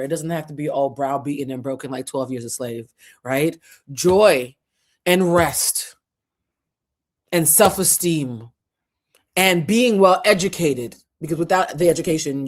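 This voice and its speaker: A show host giving impassioned commentary to camera, fiery and profane, preaching with repeated phrases while close to tears. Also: medium pitch. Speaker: host of a culture and tarot channel.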